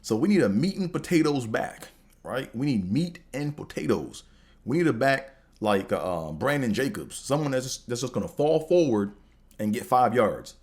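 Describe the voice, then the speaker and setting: A man's voice: medium pitch, very animated, moderate pace, a little mellow. A man hosting a podcast, talking casually and animatedly about sports with slang, swearing and rambling restarts. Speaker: podcast host.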